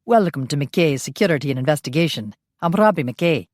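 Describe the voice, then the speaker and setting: Woman doing a young Scottish male vampire, friendly, good-humoured, low, dry read. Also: expressive, fairly quick, a little mellow, no room sound.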